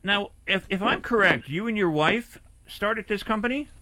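A man hosting a pet radio show, upbeat and energetic as he welcomes a guest. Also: high-pitched, normal speed, no echo. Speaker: radio host.

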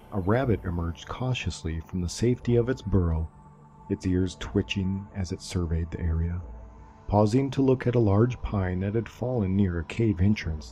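A man narrating a dark fantasy story in a slow, measured way. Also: sits low.

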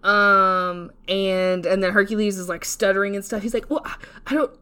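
A woman's voice: medium pitch, fairly even intonation, moderate pace, sharp tone, smooth. A young adult woman co-hosting a podcast, rambling casually with frequent laughs, restarts and casual swearing, in a self-deprecating way. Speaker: podcast co-host. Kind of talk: casual solo podcast rant.

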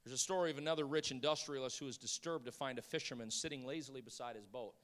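A man's voice: mid-range voice, quick pace, big-room sound. A middle-aged man preaching a sermon, telling stories and acting out the people in them. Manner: storytelling, acts out voices, builds to shouting. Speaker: pastor.

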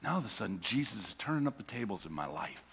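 A man preaching a sermon as pastor, impassioned, swinging between hushed and loud and asking rhetorical questions. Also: lowish voice, very animated, racing, breathy edge. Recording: reverberant hall.

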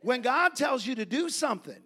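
A man preaching a sermon, telling folksy stories and building to repeated, shouted refrains. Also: very high-pitched, big pitch swings, moderate pace, slightly rough. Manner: folksy storytelling.

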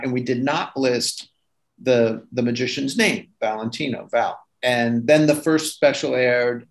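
A man's voice: mid-range voice, rough recording. An older man, a former magazine editor and magician, telling chatty anecdotes in a casual interview and laughing often.

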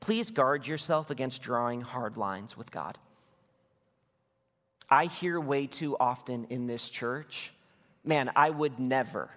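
A man preaching a sermon as pastor, earnest and exhorting in quick bursts. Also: mid-range voice, fairly bright tone, in a large hall.

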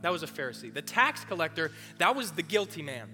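A youth pastor preaching a sermon in a casual, animated way, talking straight to the room. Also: male voice, fairly high pitch, a little fast. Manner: animated, casual, direct address. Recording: long hall reverb, faint music.

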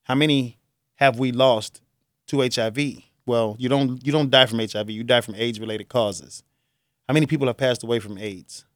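A man's voice: medium pitch, fairly even intonation, moderate pace, dry recording, clean studio sound. A middle-aged man from Chicago, a radio host delivering an earnest, grieving talk-show monologue that rambles with restarts. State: choked up.

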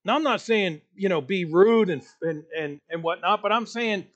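A man preaching a sermon in a church, delivering it with rising emphasis and pauses. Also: high-pitched, lo-fi sound. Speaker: pastor.

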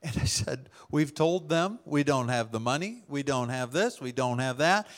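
A man's voice: mid-range voice, moderate pace. A man preaching as a pastor, telling a testimony story to his congregation, acting out the people he quotes. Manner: storytelling, animated, acts out quoted dialogue with laughs. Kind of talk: sermon testimony.

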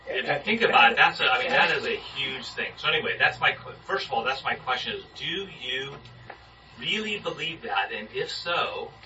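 A man's voice: mid-range voice, lively intonation, moderate pace, bright, forceful tone, a little hiss or hum. A man leading an informal sermon discussion with a small group, talking casually and putting questions to them. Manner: conversational, asks the group questions. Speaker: Bible study leader. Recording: muffled distant room recording.

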